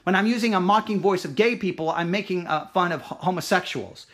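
High-voiced rambling Christian talk host. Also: male voice, fairly quick. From Texas, USA. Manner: rambling, animated, frequent restarts and fillers. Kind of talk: casual monologue.

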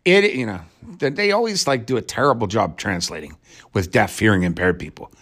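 A man's voice: lowish voice, animated, a little fast, fairly bright tone, husky. A man giving a rambling, casual movie review rant in a sarcastic, crude and irreverent way, with mocking asides.

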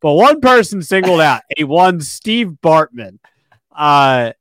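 A man's voice: a little high, takes it slowly, no room sound. A man in his twenties co-hosting a sports podcast, chatting casually and telling stories with many fillers. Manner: relaxed, storytelling with fillers. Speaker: podcast co-host.

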